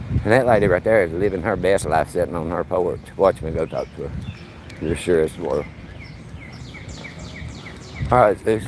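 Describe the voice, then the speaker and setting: Strolling a neighborhood street with his dog, a man in his 50s live-streams casual, folksy, joking talk aimed at the dog. His lowish voice has a darkish tone, and the audio carries a little hiss or hum amid faint outdoor ambience.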